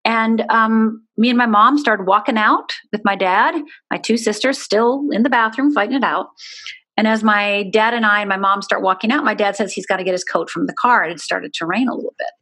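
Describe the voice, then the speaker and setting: A middle-aged woman, a guest in an interview, telling a deeply personal story in an earnest, candid way with many "you know"s. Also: brisk, pushed and bright.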